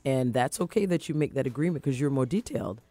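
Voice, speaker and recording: Animated woman radio host, dry mic. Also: a bass voice, fast talker, no echo, soft background music. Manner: animated, encouraging, acts out her own past thoughts. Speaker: radio show host, life coach. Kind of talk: casual motivational radio chat.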